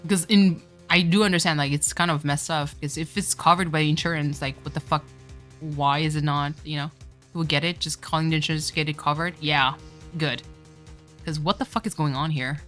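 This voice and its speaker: Brief: woman, low but bright voice, unhinged casual streamer banter. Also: fairly even intonation, a little fast, soft background music. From Canada. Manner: joking, swearing, bursts of loud laughter. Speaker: streamer playing a game. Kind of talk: casual live-stream chat.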